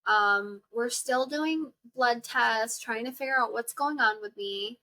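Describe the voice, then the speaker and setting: This podcast host is a young woman whose fairly high voice sounds bright and forceful, moving a little slowly. Chatting casually with listeners, she shares a personal story full of exclamations and filler words.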